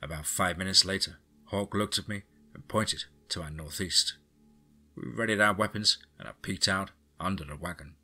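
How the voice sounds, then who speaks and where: A man narrating a scripted story, reading every character's lines in nearly his own voice, with a husky tone. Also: low voice, moderate pace, pushed and bright. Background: music.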